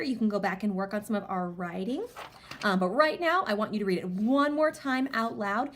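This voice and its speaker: Animated woman teaching young kids reading. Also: medium pitch, slight background noise. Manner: animated, sing-song reading aloud with big excited rises. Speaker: elementary school teacher. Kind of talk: remote reading lesson for young children.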